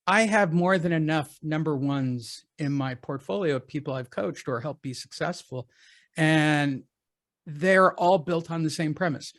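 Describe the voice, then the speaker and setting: A talkative man with a somewhat higher-than-usual voice for a man. He chats casually on a call, spinning anecdotes and tossing in joking asides. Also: a bit bright. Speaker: real estate coach.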